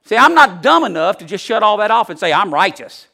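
A male preacher, giving a folksy sermon that swings from loud to hushed. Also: high voice, very animated, quick pace, gravelly.

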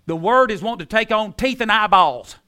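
A man preaching a sermon, repeating key phrases with emphasis and dropping into soft tones. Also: high-pitched, animated, a little fast, clean tone. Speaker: pastor.

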